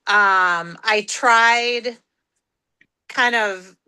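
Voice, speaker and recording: A woman's voice: on the high side, extremely slow, sharp tone, clean tone. A woman talking on a video call, hesitant and hedging, with many fillers. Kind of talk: casual chat on a group call.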